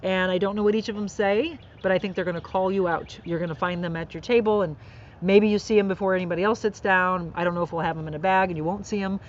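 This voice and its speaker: A woman's voice: medium pitch, fairly even intonation, quick pace, highs cut off. A woman hosting a live inspirational podcast outdoors, talking earnestly and encouragingly about faith and kindness. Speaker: podcast host. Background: birds and faint outdoor noise.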